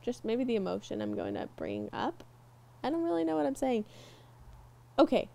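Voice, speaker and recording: Animated young woman podcast co-host. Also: fairly high pitch, normal speed, vocal fry. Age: young adult. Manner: animated, laughs easily, gets teary and emotional. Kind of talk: casual chat.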